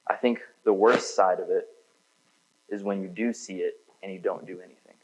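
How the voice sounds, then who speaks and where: A man's voice: low-pitched, fairly even intonation, moderate pace, breathy edge, muffled recording. A man giving a sermon in a church, preaching in a casual, conversational way with frequent filler words. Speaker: pastor.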